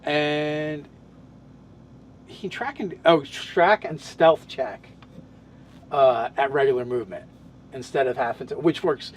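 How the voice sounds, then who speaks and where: A man's voice: on the high side, takes it slowly, pauses often, slight background noise. A man in casual podcast chat, describing his tabletop game character, talking in loose, rambling sentences full of restarts and fillers.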